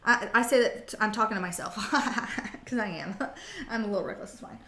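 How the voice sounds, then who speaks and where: A woman's voice: medium pitch, animated, normal speed, sharp tone, roomy sound. A woman giving a casual tarot reading, blunt and sassy, with playful swearing. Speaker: tarot reader.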